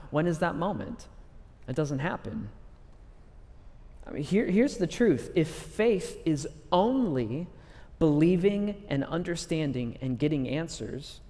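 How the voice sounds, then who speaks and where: A man preaching a sermon in an energetic, conversational way, acting out scripture stories. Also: on the high side, takes it slowly, in a large hall. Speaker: pastor.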